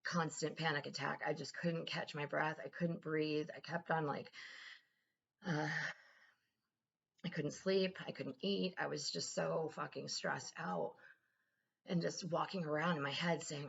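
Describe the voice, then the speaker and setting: A woman's voice: sits low, measured pace, gravelly, slightly rough, highs cut off. A woman vlogger telling a personal story in a candid, profane way, acting out the lines of the people in it. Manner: candid, profane, animated retelling with quoted dialogue. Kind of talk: casual confessional storytelling.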